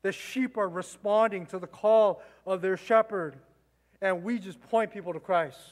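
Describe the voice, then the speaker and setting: A man's voice: sits high, fairly even intonation, unhurried, in a large hall. A male pastor preaching a sermon, emphatic and repeating phrases, with rhetorical questions to the congregation. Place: church sanctuary. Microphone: mic.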